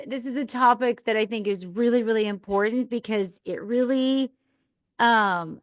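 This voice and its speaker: A woman's voice: mid-range voice, no echo. A woman hosting a live podcast, telling an earnest, rambling personal story as a mom. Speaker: podcast host.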